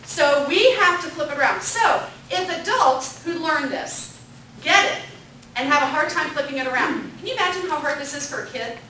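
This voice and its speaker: Brief: high-voiced woman instructor, bright tone, echoey room, distant mic. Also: lively intonation, normal speed, a little hiss or hum. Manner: upbeat, asks the group questions, repeats their answers. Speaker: parenting class instructor. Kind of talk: interactive classroom lecture.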